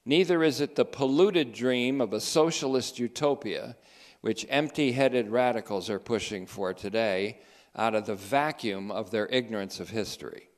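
A man giving spoken theology commentary, emphatic and sardonic, reading quotations slowly with heavy stress. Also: mid-range voice. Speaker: teacher of a theology group.

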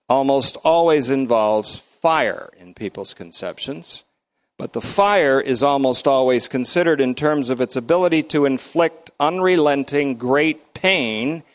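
In this lecture-style Bible study, the teacher is a man of middle age or older who takes his time, breaking down every term word by word. He presses firmly on important words, and his intonation rises and falls as he speaks.

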